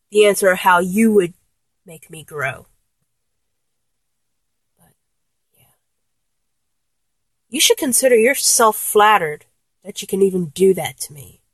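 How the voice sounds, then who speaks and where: A young woman in a one-sided audio role-play, talking to an unseen partner. She is breathless and giddy, and she swings from low murmurs to high squeals. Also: no echo.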